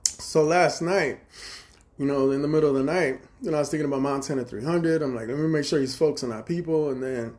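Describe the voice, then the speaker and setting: A man's voice: a little high, darkish tone. A man from Chicago on a phone livestream, telling a long story in a rambling, profane way and acting out both sides of each exchange. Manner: profane, fast-shifting, quotes others in dialogue. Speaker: livestream host.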